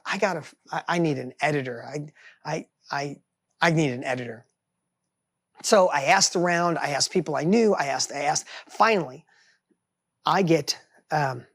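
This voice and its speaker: A man in his fifties telling a personal success story in an animated way, bursting with energy and acting out the voices of people in his story. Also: a little high, no echo. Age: 50s. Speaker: author and entrepreneur.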